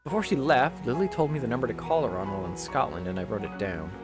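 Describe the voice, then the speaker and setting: A man reading a visual novel aloud as its narrator, expressive and chatty, breaking off into jokey asides. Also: medium pitch, quick pace, over music. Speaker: visual novel reader, channel host.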